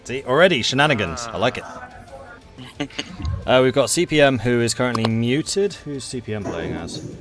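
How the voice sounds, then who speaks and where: A man's voice: mid-range voice, lively intonation, normal speed, pauses often, over music. Chatty male game commentator. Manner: chatty, enthusiastic, laughs easily. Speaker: game match commentator and host. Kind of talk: live-stream game commentary.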